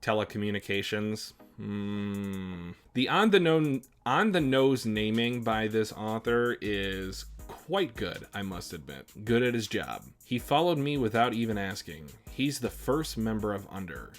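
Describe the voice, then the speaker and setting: A man's voice: on the low side, lively intonation, measured pace, hardly any pauses, faint music behind. A man hosting a manga reaction, reading the character dialogue aloud and breaking off into chatty remarks.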